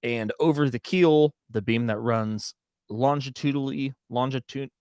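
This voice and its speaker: Brief: male podcast co-host, mid pitch, joking, reads facts steadily, dry close mic. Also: normal speed, a little mellow, smooth, dry recording. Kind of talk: casual chat and reading facts aloud.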